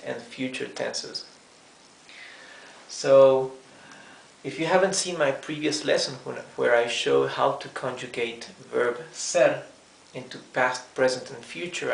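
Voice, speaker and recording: A man teaching a language lesson at a whiteboard, explaining patiently, checking in with "okay?" and "right?", and repeating words slowly. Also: medium pitch, gravelly, echoey room, a little hiss or hum, rough recording. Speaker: Spanish teacher.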